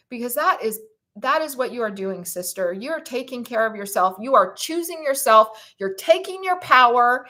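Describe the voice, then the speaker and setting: Gushing, bright-voiced woman streamer. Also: high voice. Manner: warm, gushing, emotional, gets choked up; reads viewer comments aloud to the chat. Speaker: vlogger hosting a live stream. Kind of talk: casual live-stream chat.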